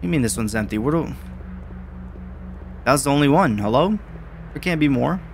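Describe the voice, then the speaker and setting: A man's voice: medium pitch, lively intonation, moderate pace, gravelly, faint music behind. Male gamer, casual let's-play commentary, swears a lot, jumps at scares. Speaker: gaming video creator.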